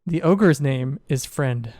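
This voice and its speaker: A man running a tabletop game, narrating the scene in a relaxed, descriptive way. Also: medium pitch, slow pace, no echo, studio quality. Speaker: game master.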